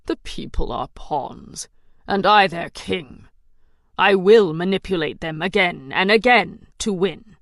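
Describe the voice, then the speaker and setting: A woman voicing a menacing male warlord king who speaks slowly, coldly and tauntingly. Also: lowish voice, animated, no room sound, studio quality. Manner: slow, cold and taunting.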